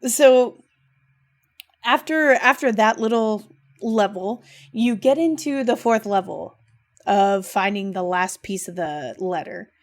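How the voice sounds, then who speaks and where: This is a young adult woman with a mid-range voice who talks slowly while co-hosting a podcast. She recaps a video game casually and with feeling, gushing and leaning heavily on filler words like "like" and "rad."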